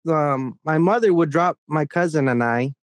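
A young man with a slightly high voice rambles through a crude, profane story, his emphasis jumping around as he goes. He is close to the mic in a dry, dead-sounding room with no echo at all. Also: moderate pace. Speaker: podcast co-host. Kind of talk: casual crude podcast banter.

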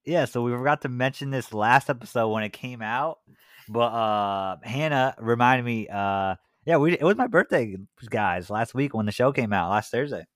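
A man's voice: mid-range voice, expressive, moderate pace. A man in his twenties co-hosting a casual podcast, firing off dry, mocking comebacks. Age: 20s. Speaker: podcast co-host. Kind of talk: casual live-stream banter.

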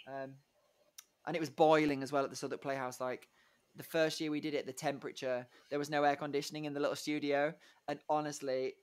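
A man's voice: a little high, little pitch movement, a little fast, smooth. Chatty young man, giggly. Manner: chatty, giggly, rambling with many fillers. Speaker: musical theatre performer, guest. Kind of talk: casual interview chat.

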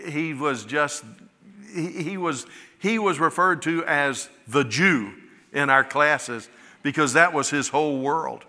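A man's voice: medium pitch, bright, forceful tone. A middle-aged man from West Florida, preaching a sermon, often rising to emphatic, impassioned cries. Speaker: pastor. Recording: long hall reverb.

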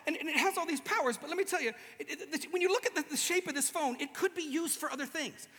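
A man with a very high, bright voice delivers a lively, joking sermon. He acts out little voices as he goes. The sound carries a long hall reverb from a large room. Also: fast. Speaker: preacher. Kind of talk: humorous sermon to a live audience.

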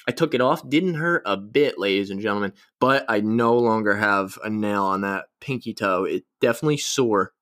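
A man's voice: medium pitch, fairly quick, hardly any pauses, fairly bright tone. A young man hosting a casual solo podcast, rambling through stories with crude, self-mocking jokes. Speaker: podcast host.

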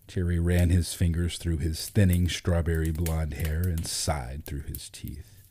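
A man narrating a storybook in a measured, gentle reading. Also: sits low, flat delivery, slight background noise.

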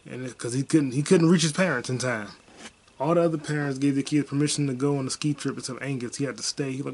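A man's voice: medium pitch, fairly even intonation, fast talker, gravelly, a little mellow. A young man hosting a podcast, chatting casually about a movie in a rambling, laid-back way with some swearing. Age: young adult. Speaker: podcast host. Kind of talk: casual movie review chat.

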